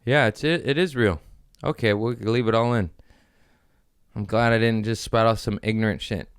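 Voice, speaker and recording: Podcast host, man, low and smooth, dry close mic, rambling profane storyteller. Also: moderate pace, no room sound. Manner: profane, rambling, quotes people in animated voices. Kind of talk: casual chat.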